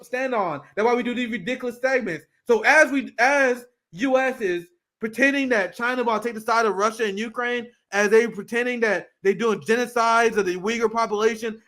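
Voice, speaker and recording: High-pitched, animated political commentator man. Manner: animated, profane, laughs often, reads news aloud.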